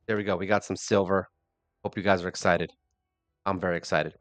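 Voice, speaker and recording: A man's voice: deep voice, little pitch movement, fast, no echo. A man hosting a mobile gaming channel, rambling through casual game commentary with self-deprecating jokes.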